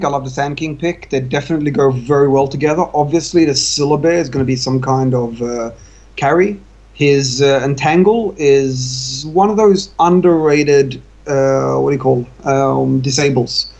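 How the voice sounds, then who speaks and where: A man from Australia with a softened Australian accent tinged with British, commentating a video game in an easygoing, chatty way. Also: medium pitch, moderate pace, highs cut off. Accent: Australian, softened with some British. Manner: easygoing, chatty, self-deprecating. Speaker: co-caster.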